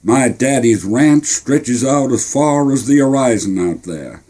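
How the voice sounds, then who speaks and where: A big boastful soldier with a drawling Texan accent, as a man puts him on. He brags in a lively, swooping voice with a dark, slightly husky tone. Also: mid-range voice, unhurried. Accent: Texan American. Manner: bragging, drawling.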